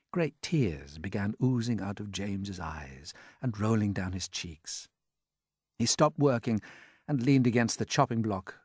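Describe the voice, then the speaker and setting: A man narrating a children's storybook in an expressive, unhurried way. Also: mid-range voice, breathy edge, dry recording, studio quality. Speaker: audiobook narrator.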